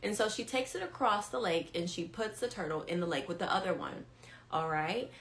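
A woman leads a live-stream devotional and tells her story straight to the viewers. She is animated and repeats key lines for emphasis. She often checks whether her audience is following along. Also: on the low side, brisk. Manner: talks straight to viewers, asks if they follow. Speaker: women's ministry leader.

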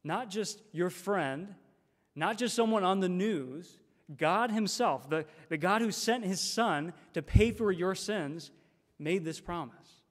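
Guest preacher, male, fairly high voice, emphatic with repeated phrases, long church reverb. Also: animated, takes it slowly. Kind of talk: sermon. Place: church sanctuary.

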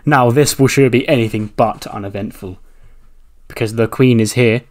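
A man's voice: mid-range voice, moderate pace, a little mellow, soft background music. Chatty man narrating a wrestling game. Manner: laughs often, swears, loose and chatty. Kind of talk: casual play-by-play narration.

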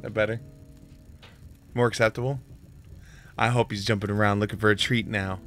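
A man's voice: lowish voice, steady tone, brisk, fairly bright tone, faint music behind. A man chatting casually while streaming a game live, offhand and swearing at the game now and then.

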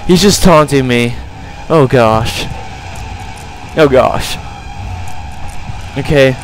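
A man's voice: medium pitch, very slow, soft background music, low-quality recording. A young man commentating a horror game, jumpy and panicky, often crying out in fright. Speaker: gameplay commentator.

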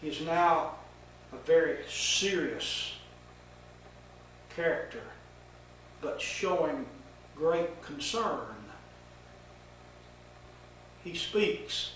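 An older man teaching a Bible lesson, telling the story in a slow, folksy way with fillers, in an echoey room with the mic set far off. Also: fairly high pitch, animated, fairly bright tone, a little hiss or hum.

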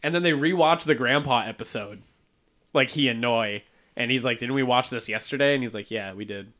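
A man's voice: medium pitch, brisk. Man animatedly retelling a story. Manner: animated retelling with quoted voices, swears casually. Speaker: podcast co-host. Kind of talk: casual chat, retelling a manga chapter.

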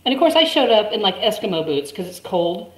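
A woman's voice: mid-range voice, sing-song, fairly quick. Chatty woman in a roomy echo. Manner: chatty, laughs often. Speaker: guest. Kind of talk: casual storytelling.

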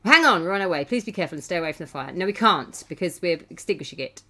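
A woman, chatting excitably through a game stream, laughing often and scolding the characters. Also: on the low side, fast. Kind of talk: casual gameplay commentary. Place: home.

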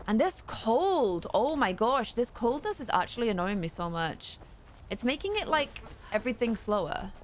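Playful, animated young woman streamer. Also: a little high, a little hiss or hum. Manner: chatty and playful, giggly exclamations. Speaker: gaming streamer. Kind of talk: casual let's-play commentary.

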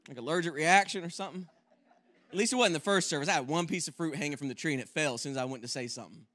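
A man preaching a sermon in a church as a guest speaker, with impassioned passages that swell into shouts and quieter, quick joking asides. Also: on the high side.

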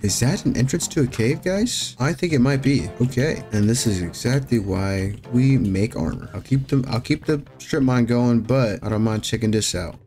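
Excitable young man gaming. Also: mid-range voice, normal speed, hardly any pauses. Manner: jokey, excitable, yelps at scares. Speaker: gaming YouTuber. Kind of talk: Minecraft commentary. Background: faint music.

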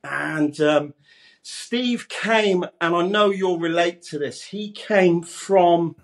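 High-voiced chatty English man. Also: takes it slowly. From Leeds, England. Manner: chatty, laughs often, calls everyone mate. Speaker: guest, radio presenter. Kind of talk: casual interview chat.

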